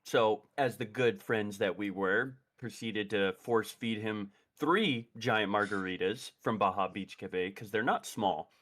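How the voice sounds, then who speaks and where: A man's voice: on the low side, measured pace, hardly any pauses, a bit bright. A young man in his twenties, co-hosting a podcast and recounting a night out in laid-back, laughing banter. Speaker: podcast co-host. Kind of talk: casual chat.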